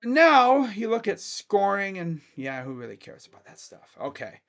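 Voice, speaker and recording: A man's voice: high voice, very animated, normal speed, creaky, a bit bright. A man hosting a casual sports fan livestream, rambling loosely and talking to his chat.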